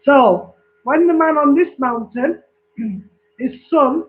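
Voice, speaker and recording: A man telling a long joke casually, repeating himself and checking that his listeners follow. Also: very high-pitched. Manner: slow, repetitive storytelling with check-ins. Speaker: joke teller. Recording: tinny phone-like recording.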